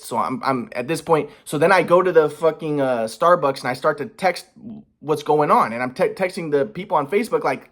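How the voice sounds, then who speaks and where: A man's voice: fairly high pitch, normal speed. A young man in a casual confessional vlog, rambling and agitated, swearing often with many restarts. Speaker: vlogger.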